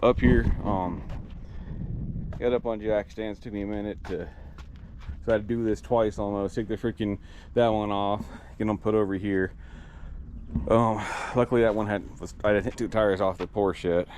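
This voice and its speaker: Working on an old truck for his vlog, a breathless man talks in a plain, rambling way and keeps restarting sentences. His voice is lowish and a little mellow, with fairly even intonation and normal speed, over slight background noise.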